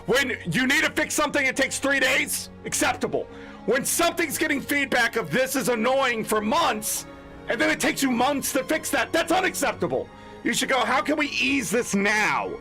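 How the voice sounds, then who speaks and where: A man's voice: very high-pitched, animated, normal speed, bright, forceful tone, faint music behind. A man ranting in exasperated, emphatic commentary as a gaming content creator, swearing often.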